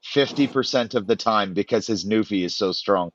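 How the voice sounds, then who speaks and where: A man's voice: fairly low pitch, normal speed, a little hiss or hum. A man in a casual live stream chat who laughs often and swears freely. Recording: dull lo-fi stream audio.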